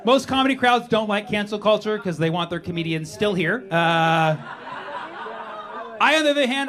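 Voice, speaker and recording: Sarcastic stand-up comedian on a club stage. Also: male voice, high voice, normal speed, long pauses, some chatter behind. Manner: animated, sarcastic, with put-on voices for quoted people. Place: comedy club stage before a live audience. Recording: live club audio with audience laughter and noise. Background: audience laughing.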